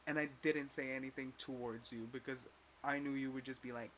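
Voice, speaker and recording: A young male vlogger rants through a story in a mid-range voice with little pitch movement, talking at a normal speed with a fairly bright tone. He swears often, speaks emphatically and says "like" constantly. The lo-fi recording sounds slightly dull, with a faint hiss.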